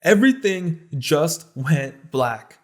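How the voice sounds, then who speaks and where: A man's voice: a little high, lively intonation, slow, soft background music. A young man telling a funny story from his childhood in a casual, slangy way, often laughing as he talks.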